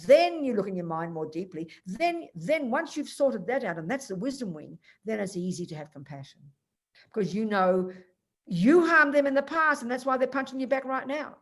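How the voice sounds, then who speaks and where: A woman's voice: on the high side, lively intonation, normal speed. An older woman, a Buddhist teacher, giving a direct, emphatic dharma teaching over a video call. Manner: direct, emphatic, explains point by point.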